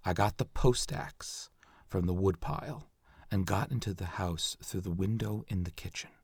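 A man's voice: deep voice, normal speed, gravelly, slightly rough, dry recording, pitched below the performer's own voice, exaggerated voice. Man reading as a subdued 1800s axe murderer. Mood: grim. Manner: subdued, quiet, flat reading. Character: male convicted axe murderer confessing, 1800s. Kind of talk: reading a confession aloud.

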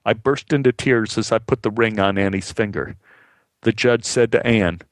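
A man telling a personal story in a measured, heartfelt way, acting out the dialogue as he goes. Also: fairly low pitch, no echo.

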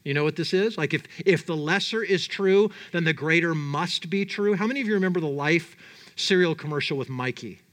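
Man, pastor, sermon, conversational, asks the audience questions, high voice. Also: a little fast, a bit bright.

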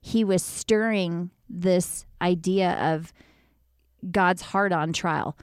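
An earnest woman talks through a faith topic in casual conversation, piling up fillers and quick restarts. Her voice sits slightly low, and the sound is close and dry. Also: clean tone, no room sound.

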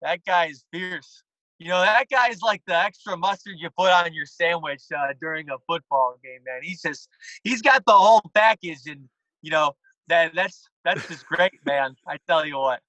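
A man's voice: on the high side, animated, normal speed, sharp tone, no echo, lo-fi sound. A man putting on a fired-up, folksy middle-aged male football commentator gushing over a player.

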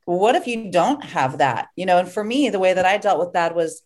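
A woman's voice: fairly low pitch, expressive, a little fast, darkish tone. A woman who is a parent and basketball coach, talking candidly in a casual conversation.

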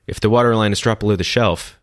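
A man's voice: on the low side, steady tone, fast talker, no echo, studio quality, pitched above the performer's own voice, close to an everyday voice. A man voicing an anxious male scout making an earnest report.

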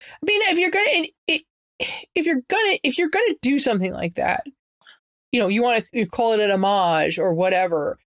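A woman co-hosting a podcast in casual chat, talkative and lively, with many "you know" fillers. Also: fairly high pitch, brisk, dry recording, clean studio sound.

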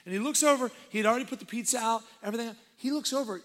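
Guest preacher, man, Texan accent, high bright voice, playful storyteller. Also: fast talker. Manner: lively, acts out voices in stories, laughs often. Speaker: guest pastor. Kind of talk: sermon with comic storytelling.

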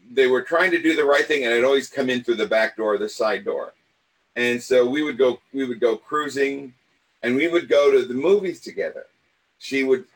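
A man's voice: mid-range voice, poor audio. Older man telling rambling life stories. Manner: rambling, animated, acts out quoted voices. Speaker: storyteller. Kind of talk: personal anecdote storytelling.

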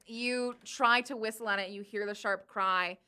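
A woman's voice: medium pitch, fairly even intonation, normal speed, sharp tone, clear, resonant tone. A woman narrating as game master in a tabletop role-playing session, casual and full of fillers. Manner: casual, laid-back narration with many fillers.

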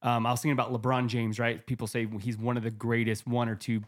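A man co-hosting a casual podcast, talking in an energetic, conversational way and drawing sports comparisons. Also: medium pitch, fast.

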